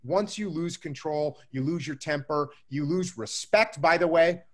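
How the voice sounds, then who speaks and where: A man answering interview questions about leadership in a measured, emphatic way, often repeating key phrases. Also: fairly high pitch. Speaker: guest speaker on leadership.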